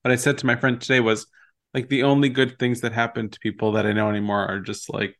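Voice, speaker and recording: A man's voice: medium pitch, flat delivery, fast, a bit bright. A man co-hosting a podcast, chatting casually and animatedly while recapping a TV episode and quoting its scenes. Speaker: podcast co-host.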